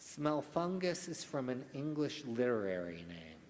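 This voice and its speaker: A man's voice: medium pitch, sing-song, a little mellow, a little hiss or hum. A man serving as pronouncer at a spelling bee, reading out words and their definitions in a formal, carefully enunciated manner. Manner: slow, deliberate enunciation. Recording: echoey hall.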